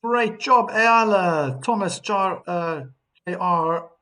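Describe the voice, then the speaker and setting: A man's voice: high-pitched, slow, sharp tone. A man doing live tennis commentary on a stream, chatting and reading out viewer comments between points.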